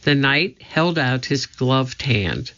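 An audiobook narrator reads a storybook in a measured, deliberate way. The pace is very slow and the tone bright with gravelly fry. The recording sounds dull and lo-fi. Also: mid-range voice, lively intonation.

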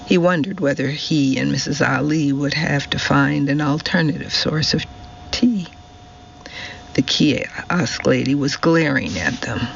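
A man narrating a novel in an unhurried, even reading voice. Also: a little high, gravelly. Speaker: audiobook narrator. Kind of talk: scripted narration. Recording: dull recording with faint hiss.

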